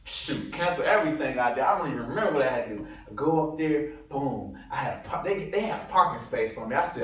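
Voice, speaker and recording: A man from Detroit, a comedian guest, telling a story in a slangy, animated way with frequent laughs. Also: mid-range voice, fast talker, few pauses. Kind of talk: casual storytelling interview. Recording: very echoey room, far from mic.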